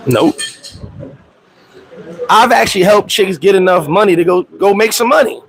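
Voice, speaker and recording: A man's voice: moderate pace, vocal fry, pauses often, a bit bright. A man hosting a casual live chat, telling loose, profane stories full of slang and talking to friends by name. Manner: acts out quoted voices, swings pitch up high; talks to viewers and friends by name. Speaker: host.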